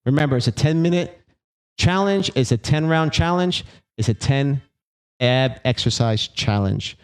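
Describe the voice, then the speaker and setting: A man's voice: medium pitch, animated, unhurried, poor audio. A man coaching an ab workout, counting and cueing reps aloud in an encouraging way. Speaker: fitness instructor. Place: small home workout studio.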